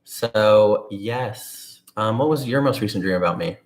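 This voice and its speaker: A man's voice: on the low side, animated, measured pace. A young man co-hosting a casual podcast, teasing with dry jokes. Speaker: podcast co-host. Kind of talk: casual chat.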